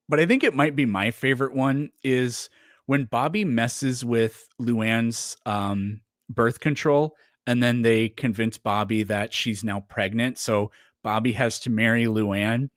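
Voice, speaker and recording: A man's voice: medium pitch, measured pace, dry recording, clean studio sound. A man chatting casually on a livestream, rambling with lots of fillers and restarts. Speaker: streamer.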